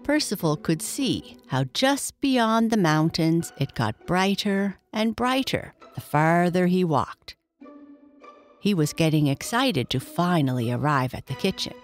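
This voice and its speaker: Slow, soothing woman storyteller. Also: fairly low pitch. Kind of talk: bedtime story narration.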